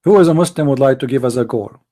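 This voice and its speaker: A man's voice: medium pitch, fast, dark tone. A man hosting a live debate stream, arguing emphatically with rhetorical questions and non-native grammar. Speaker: live debate show host.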